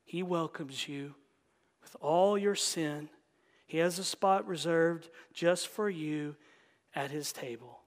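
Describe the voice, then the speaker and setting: High-voiced preaching man, echoing church hall. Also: slow pace. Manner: emphatic preaching, swinging between loud calls and hushed whispers. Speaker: pastor. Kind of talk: sermon. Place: church sanctuary. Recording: long reverb in a large church hall.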